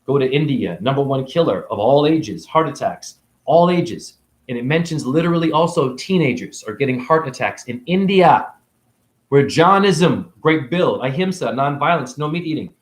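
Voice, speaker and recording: This man, a spiritual video creator, talks to camera at normal speed with lively intonation in a mid-range voice. The room is echoey, and his rambling monologue jumps between topics, goes in circles, and is peppered with swearing.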